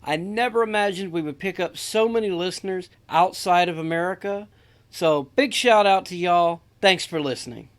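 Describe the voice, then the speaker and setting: Podcast host, man, folksy and joking, stuffy nose, slightly raised pitch. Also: normal speed. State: congested sinuses. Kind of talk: casual podcast intro.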